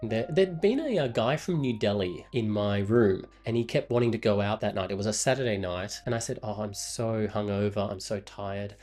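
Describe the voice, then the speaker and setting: A man's voice: fairly low pitch, lively intonation, fairly quick, few pauses, darkish tone. A man in his twenties from Australia, with an Australian accent, telling a travel story in a rambling, casual way full of fillers and self-corrections. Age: 20s. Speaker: vlogger.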